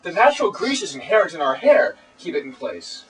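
A man's voice: high-pitched, sing-song, brisk. A teenage boy co-hosting a comedy web show, lecturing in a pompous, mock-serious way. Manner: pompous, preachy mock authority. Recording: voice distant from camera mic.

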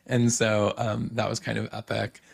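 A young man casually recapping reality TV, excitable and full of filler words. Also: on the low side, moderate pace, gravelly, breathy edge. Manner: excitable, lots of "like" fillers, quotes people in paraphrase. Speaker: podcast host recapping reality TV.

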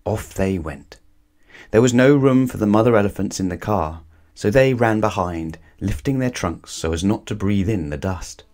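A man reads a children's bedtime story aloud in a calm, measured way. His voice sits a little low, and his delivery is gentle and unhurried.

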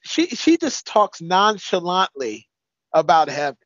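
Guy cohosting, high voice, chuckles in disbelief, dry muffled audio. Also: sing-song, a little slow, a bit bright, dry recording. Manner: incredulous, chuckling. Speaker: co-host. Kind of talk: casual commentary.

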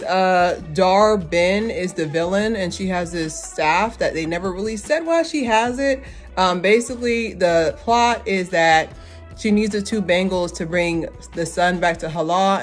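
Chatty young woman reviewing a movie. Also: mid-range voice. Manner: chatty, rambling, animated with many fillers. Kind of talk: casual movie review chat.

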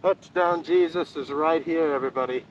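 A man's voice: on the high side, normal speed, muffled recording, slight background noise. A man vlogging in costume, talking with proud, upbeat school spirit. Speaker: vlogger in a Mandalorian-style costume. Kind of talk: casual vlog. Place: outdoors and in an arena on campus.

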